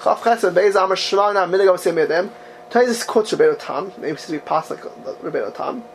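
A man teaching a religious text class, reading passages aloud and asking the students rhetorical questions in an animated way. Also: high-pitched, brisk, slight background noise. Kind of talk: text-study lecture to a class.

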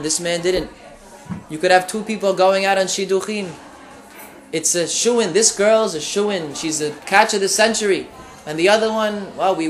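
A man giving an animated Torah lecture, telling a story with quick asides and rising emphasis. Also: sits high.

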